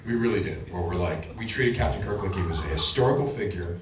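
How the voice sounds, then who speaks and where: A man speaks as a guest on a convention panel, telling a story in a loose, animated way and often restarting his sentences. He sounds distant from the mic in a large echoing hall with a faint hum of room noise behind him. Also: low-pitched, fast. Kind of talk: casual panel talk.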